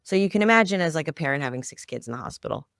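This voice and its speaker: A woman's voice: deep voice, animated, rapid-fire, fairly bright tone, no echo. A middle-aged woman telling a personal family story as a podcast guest, heartfelt and close to tears at times. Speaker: podcast guest, children's media founder. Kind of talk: interview storytelling.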